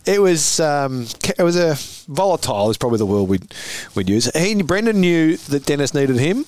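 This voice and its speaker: A man in his forties with an Australian accent, a former footballer telling stories as a guest, animated and often laughing. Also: a little high, moderate pace, no room sound. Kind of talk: casual storytelling interview.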